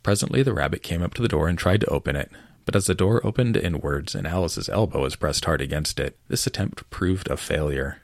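A man reading a storybook aloud as narrator in an expressive, measured way. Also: rumbling low, creaky, no echo, studio quality.

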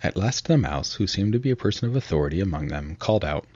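Male audiobook narrator: very low, husky, measured; lo-fi recording. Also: lively intonation, a little mellow, no echo. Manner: measured storytelling.

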